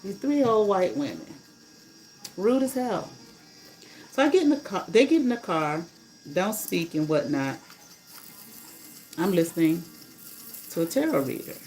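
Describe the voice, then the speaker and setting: A woman's voice: lowish voice, sing-song, unhurried, long pauses, darkish tone, soft background music, poor audio. A woman on a casual livestream, telling a story bluntly and indignantly and swearing freely. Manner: blunt, profane, indignant retelling. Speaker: livestreamer and rideshare driver.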